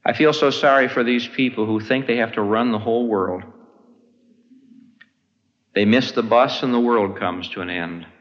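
A man preaching a sermon. He swings from ringing high peaks down to hushed low endings. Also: normal speed, long pauses, in a large hall, lo-fi sound. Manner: dramatic rises and hushed drops in delivery.

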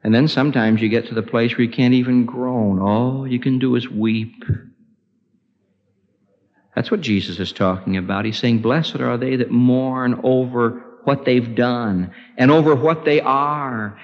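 A man preaching a sermon with impassioned, pleading delivery, his voice climbing high in prayer. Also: fairly even intonation, a little slow. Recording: dull lo-fi recording with long hall reverb.

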